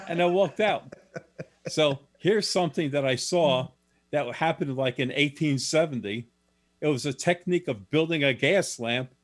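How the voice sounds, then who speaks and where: A man's voice: a little high, moderate pace. A man who is an author telling stories as a guest in an interview, plain and matter-of-fact, with some restarts. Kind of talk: storytelling in a radio interview.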